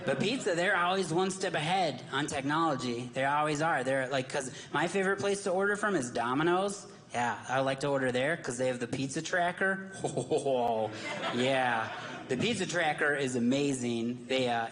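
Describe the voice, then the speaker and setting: A man's voice: mid-range voice, a bit bright, slight background noise, low-quality recording. A man performing a stand-up comedy bit in a rambling, wry way, acting out little voices.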